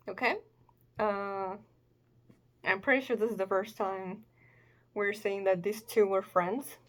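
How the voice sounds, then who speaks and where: A woman's voice: mid-range voice, steady tone, slow pace, long pauses. A woman hosting a casual manga reaction, thinking aloud in a chatty way with many fillers and self-corrections. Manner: chatty, musing, filler-heavy.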